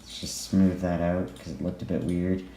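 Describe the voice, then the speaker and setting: Low slow guy rambling through a let's play, lots of ums, dark tone, echoey room w/ faint hiss. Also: little pitch movement. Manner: musing, halting, many ums and pauses. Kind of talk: casual game commentary.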